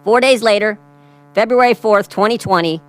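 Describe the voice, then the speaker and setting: A man's voice: sits high, moderate pace, fairly bright tone, low-quality recording. A man giving a prepared statement at a hearing, emphatic and repeating key phrases for effect. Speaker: lawmaker speaking at a hearing.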